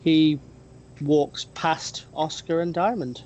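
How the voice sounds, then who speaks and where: Game master, slow unhurried narration, hesitant, faint rumble. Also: steady tone, darkish tone, low-quality recording. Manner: hesitant, many ums and restarts.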